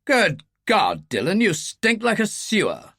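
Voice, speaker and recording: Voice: mid-range voice, huge pitch swings, a little slow, creaky, a bit bright, no room sound, studio quality, pitched above the performer's own voice, exaggerated voice. An audiobook narrator voicing an older male brigadier, clipped and upper-class, dryly teasing. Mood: brisk.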